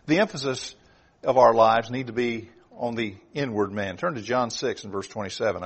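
A man's voice: medium pitch, breathy edge. Male preacher, emphatic sermon delivery with direct questions to the pews. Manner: emphatic, rising and dropping for emphasis; asks the congregation direct questions.

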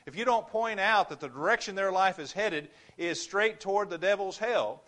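A male preacher delivers an earnest sermon from a church pulpit. His voice sits a little on the high side, and he stresses his points firmly, building on repeated phrases. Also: animated, normal speed, a bit bright.

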